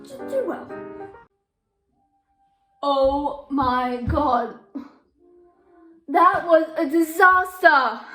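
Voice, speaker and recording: A woman's voice: high-pitched, pushed and bright. A teenage girl performing a comic solo stage scene as a gushing, exasperated reality show host. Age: teens. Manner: dramatic, gushing, exasperated asides. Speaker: student actor playing a reality show host.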